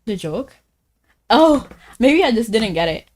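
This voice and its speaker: A woman game streamer chatting casually as she plays, talking fast, laughing often and saying "like" a lot. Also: fairly high pitch, big pitch swings, a little mellow. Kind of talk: casual live-stream chat while gaming.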